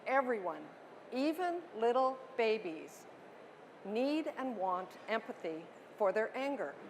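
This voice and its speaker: A woman's voice: fairly high pitch, big pitch swings, slow pace, slight background noise. A middle-aged woman giving an earnest, emphatic parenting talk to an audience at a book expo. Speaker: parenting author and speaker. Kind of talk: presentation to an audience.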